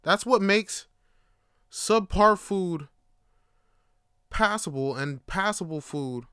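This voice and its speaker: Male host, casual storytelling, profane, excitable, smooth clear voice, dry close sound. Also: takes it slowly, no echo. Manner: animated, profane, voice jumps high when excited. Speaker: podcast host.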